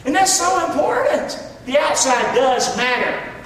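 A middle-aged male pastor preaching in a folksy, animated way, full of questions to the congregation. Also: very high voice, a little slow, a little hiss or hum. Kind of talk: sermon. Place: church sanctuary. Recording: echoey hall from far off.

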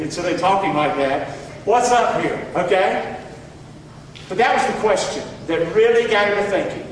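A man preaching a sermon as pastor, animated, quoting scripture in dramatic voices and joking with the congregation. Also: sits high, normal speed, slight background noise. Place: church sanctuary. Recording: echoey hall, mic at a distance.

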